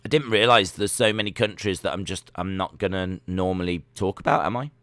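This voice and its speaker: Guy doing a live watch-along, kinda low voice, smooth and crisp. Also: a little fast, fairly bright tone, dry recording. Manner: chatty, reads search results and chat aloud. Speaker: live stream host.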